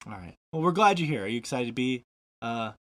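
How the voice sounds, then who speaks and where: A man's voice: medium pitch, animated, brisk, a bit bright, no echo. Jokey man hosting a podcast, dry sound. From Montana, USA. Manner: jokey, rambling, laughs often, lots of fillers. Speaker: podcast host. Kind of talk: casual podcast chat.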